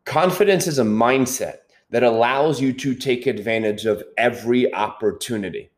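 Earnest and encouraging, this self-help podcast host repeats his key points and checks in with whoever is listening. His voice sits at a medium pitch and has a slightly mellow quality.

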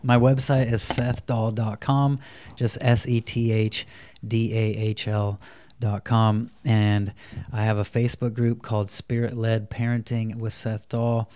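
A man's voice: on the low side, flat delivery, measured pace. Man acting out parenting talks. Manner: acts out parent and child dialogue in a soft voice. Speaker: parenting coach guest. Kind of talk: casual interview chat.

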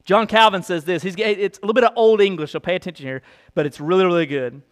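A male pastor preaching a sermon, reading long quotations aloud and swinging between a low reading voice and high, emphatic preaching. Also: fast talker.

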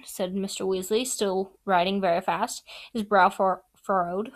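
A woman's voice: medium pitch, fairly even intonation, a little slow, few pauses. A woman reading a novel aloud in a casual, unpolished way, correcting her own slips. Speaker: audiobook reader.

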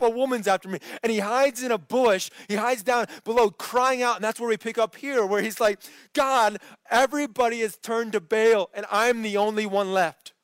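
Man, Bible study leader, high voice, dry close sound, animated storytelling. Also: no room sound. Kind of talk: online Bible study teaching.

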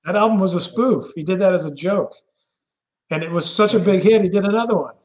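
Man, podcast host, somewhat high voice, joking, quick quips. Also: a little mellow. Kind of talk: casual chat.

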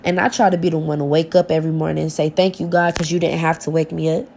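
A woman's voice: low-pitched, flat delivery, quick pace, vocal fry, darkish tone, slight background noise. A young woman, talking to her viewers in a personal vlog, heartfelt and informal, often repeating herself as she searches for words, close to tears at times.

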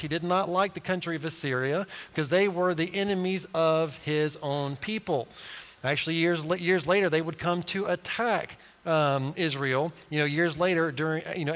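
A man's voice: on the high side, fairly bright tone, long reverb tail, low-quality recording. A man preaching a sermon, retelling a story with acted-out quotes and many restarts.

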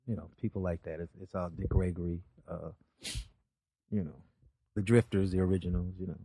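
A man's voice: low voice, a little fast, creaky, husky, dry recording. A male comedian telling stories as a guest, rambling with frequent restarts. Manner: rambling, animated, with many restarts. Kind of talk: casual storytelling chat.

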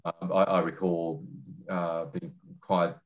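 Low-voiced Australian man, halting answers. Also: level tone. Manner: hesitant, many fillers and restarts. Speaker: journalist and foreign correspondent. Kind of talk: interview answers.

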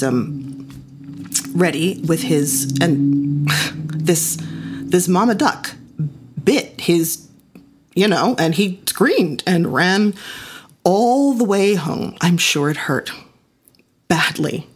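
A woman's voice: sits low, lively intonation, slow pace, pauses often, husky. A woman giving a reflective first-person storytelling performance with an intimate, personal delivery.

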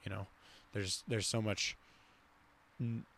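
Rambling casually on his podcast, a young host stumbles through fillers and restarts. His lowish, gravelly voice has a fairly bright tone, moves little in pitch, and keeps a slow pace.

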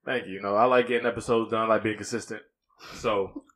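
A man's voice: lowish voice, fairly even intonation, fast, fairly bright tone. A man hosting a podcast in casual chat, laid-back and teasing, talking into a studio mic. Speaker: podcast host.

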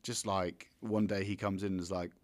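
A man co-hosting a casual film review chat, rambling with halting restarts and blunt swearing. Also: sits low, flat delivery. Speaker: podcast co-host.

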